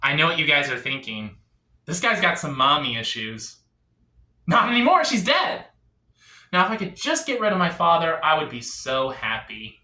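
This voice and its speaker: A man performing a stand-up comedy set, delivering confessional setups deadpan and then swinging into sudden punchlines. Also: fairly high pitch, moderate pace, roomy sound.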